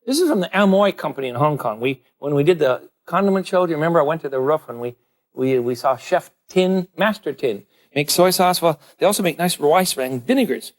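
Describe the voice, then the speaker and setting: Lively, chatty male cooking show host. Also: on the high side, a little fast. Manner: chatty and playful, talks straight to the viewer. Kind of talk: televised cooking demonstration.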